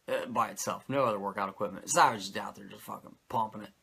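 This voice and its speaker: A man hosting a podcast, recapping a show in animated, profane, sarcastic casual chat. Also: fairly low pitch, quick pace, creaky, breathy edge. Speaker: podcast host recapping wrestling.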